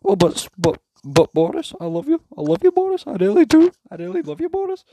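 Man putting on a lovesick male rapper, squeaky falsetto, whiny and begging, dry sound. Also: huge pitch swings, a little fast, vocal fry, dark tone, no echo, heavily acted. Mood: pleading. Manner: begging, mocking.

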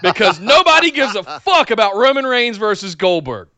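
High, bright-voiced sarcastic man. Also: sing-song, moderate pace, dry recording. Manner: exasperated, sarcastic, emphatic. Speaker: podcast co-host. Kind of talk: casual wrestling commentary chat.

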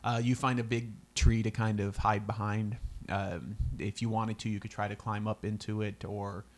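A man narrating as game master in a tabletop game, relaxed and quick to laugh. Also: on the low side. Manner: relaxed, laughs often, easygoing.

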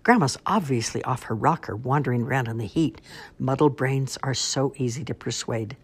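A woman's voice: very deep voice, normal speed, slightly rough. A woman voicing a scheming, greedy male wolf in a storybook reading, with a crooning, theatrical manner. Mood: gloating.

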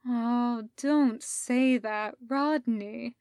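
A woman's voice: on the high side, slow, no echo, studio quality. A woman voicing a menacing male Sith lord who mocks and coaxes in a fan audiobook reading. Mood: mocking. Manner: mocking, coaxing.

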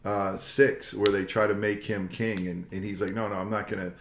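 An older man, a pastor co-hosting a casual Bible discussion, telling the stories in a lively folksy way and acting out the quotes. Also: fairly low pitch, normal speed, a little hiss or hum. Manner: animated storyteller, acts out quotes, folksy. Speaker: pastor and co-host. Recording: echoey room.

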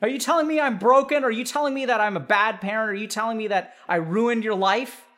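A man's voice: high voice, brisk, a bit bright, voice pushed up. A man voicing a manipulative older mother who wails and pleads, acted out as an example in a talk. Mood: demanding. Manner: wailing, pleading, guilt-tripping.

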